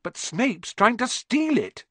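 A man's voice: very high-pitched, very animated, takes it slowly, sharp tone, no room sound, voice pushed up, full character voice. A man voicing an earnest, eager young schoolboy in an audiobook reading.

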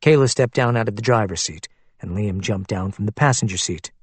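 A man narrating a thriller audiobook in a steady, even storytelling manner. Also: on the low side, fairly quick, husky, dry recording.

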